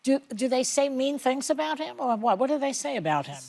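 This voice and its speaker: Playful, lively female talk show host. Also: high voice, a little fast, creaky. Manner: teasing, playful questions. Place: TV studio with audience.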